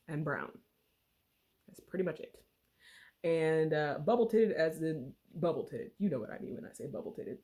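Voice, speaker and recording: A woman's voice: on the low side, darkish tone. A woman casually retelling a book's plot in a slangy, chatty way full of fillers. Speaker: book reviewer. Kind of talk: casual book recap.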